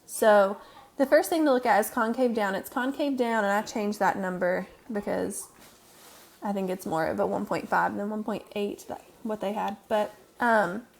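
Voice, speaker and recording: A woman math teacher casually explaining a lesson step by step over a screen recording, patient and full of fillers. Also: medium pitch.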